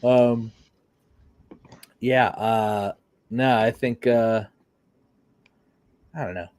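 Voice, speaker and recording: An excitable man rambles through a casual podcast chat at a middle pitch. He swears freely and trails off mid-thought before charging ahead again. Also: extremely slow. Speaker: podcast co-host.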